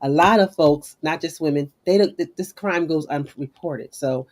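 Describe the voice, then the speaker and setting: A woman's voice: low voice, normal speed, a little mellow. A woman co-hosting a podcast, adding a thoughtful point while restarting her sentences as she builds it. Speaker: podcast co-host. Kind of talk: conversational interview.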